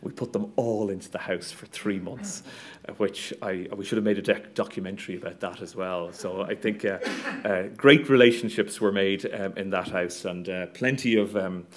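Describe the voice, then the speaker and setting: A middle-aged man with an Irish accent lectures on astronomy to a public audience. His voice sits a little low, and he talks in a lively, good-humoured way, full of ums and uhs as he moves through his slides. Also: normal speed. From Ireland. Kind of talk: public science talk with slides.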